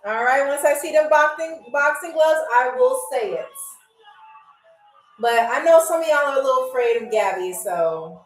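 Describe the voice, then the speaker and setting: High-voiced woman hosting a game show. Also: expressive, normal speed, reverberant, soft background music. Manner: playful, chatty, laughing through her lines. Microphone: phone.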